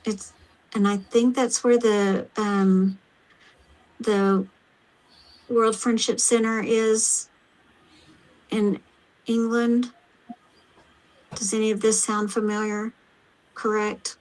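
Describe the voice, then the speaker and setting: A woman with an Oklahoma accent, hosting a casual chat and talking haltingly with many pauses and fillers. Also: medium pitch, level tone, darkish tone, rough recording. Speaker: host.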